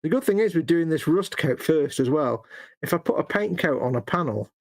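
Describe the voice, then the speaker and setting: A man's voice: on the high side, animated, fairly quick. A man co-hosting a live stream, chatting casually and sarcastically while painting models. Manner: joking, sarcastic, teasing.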